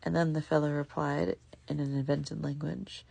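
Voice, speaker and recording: A woman reading a classic novel aloud in steady, measured narration. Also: low voice, vocal fry, husky, dry recording. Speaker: reader.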